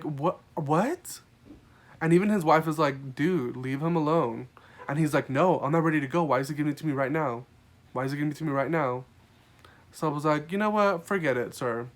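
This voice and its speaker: A man who works as a restaurant server, telling a story from his shift in an animated, exasperated way, swearing freely. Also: mid-range voice. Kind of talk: casual storytime vlog.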